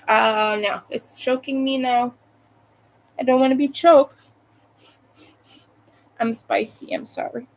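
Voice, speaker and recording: Slow-talking woman chatting while crocheting. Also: sits high, fairly even intonation, low-quality recording. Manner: chatty, talks to herself between pauses. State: tired. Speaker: crochet livestreamer. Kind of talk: casual livestream chat while crocheting.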